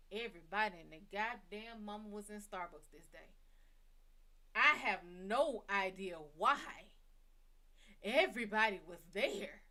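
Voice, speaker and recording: A woman hosting her own psychic reading show, telling a personal story in a blunt, casual way with plenty of cursing. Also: medium pitch. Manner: blunt, heavy cursing, lively retelling. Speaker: psychic reader and show host.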